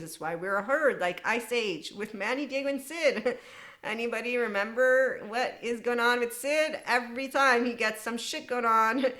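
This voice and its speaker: A middle-aged woman hosting a podcast, talking in an animated, unscripted monologue, laughing often and slipping into quoted voices. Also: fairly high pitch. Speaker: podcast host.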